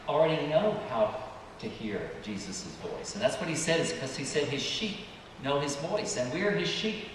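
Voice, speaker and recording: A man who is a priest giving a children's sermon, asking the children gentle questions and waiting for their answers. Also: on the high side. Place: church sanctuary. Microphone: distant room mic. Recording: echoey church hall, distant mic, background noise.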